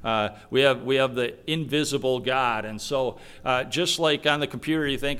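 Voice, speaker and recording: A man's voice: medium pitch, moderate pace, hardly any pauses, fairly bright tone, smooth. A man preaching a sermon in a conversational way, teaching verse by verse, often repeating words and acting out the voices he quotes.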